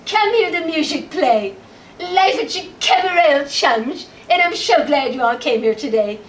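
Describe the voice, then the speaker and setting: A woman putting on a lisping old showbiz diva who gushes and coos theatrically, pitched high. The voice rings through an echoey club and sounds far from the mic. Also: animated, a little slow, a little hiss or hum. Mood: gushing. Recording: echoey club, heard from a distance.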